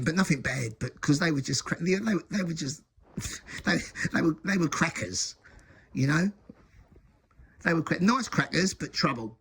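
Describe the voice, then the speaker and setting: A man's voice: mid-range voice, gravelly, fairly bright tone, a little hiss or hum. A man casually telling a personal story, rambling with many restarts and frequent chuckles. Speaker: recovery storyteller.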